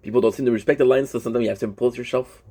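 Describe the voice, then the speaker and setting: Talking very fast, this French-first young man airs his frustrations to vlog followers in a steady, warm, medium-pitched voice with a breathy edge. He's candid and foul-mouthed, rambling and frequently starting sentences again.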